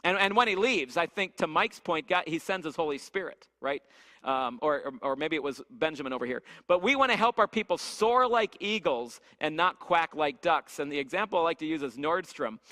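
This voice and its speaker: A man with a high, sharp, bright voice gives a lively church teaching session. He keeps checking in with the room and asks "right?" again and again. His voice rings with a long echo through the hall. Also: a little fast. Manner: energetic, repeats "right?" to check in with listeners.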